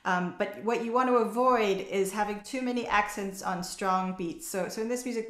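A woman giving a cello masterclass, explaining in a relaxed way with many fillers and restarts. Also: medium pitch, a little fast, hardly any pauses. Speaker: cello teacher. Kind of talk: online masterclass. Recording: echoey room with cello playing.

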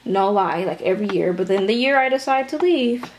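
A woman's voice: mid-range voice, lively intonation, a little fast, a little hiss or hum. A young woman from Wisconsin chatting casually and rambling on a vlog, a little out of breath. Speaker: doll-collecting vlogger. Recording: echoey room.

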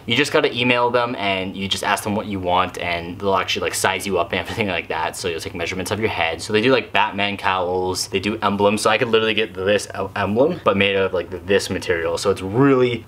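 Casting: young man, slightly low voice, casual rambling vlog review delivery. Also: fairly bright tone. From Canada. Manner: chatty, rambling, lots of "like" fillers. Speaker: cosplay vlogger reviewing a mask.

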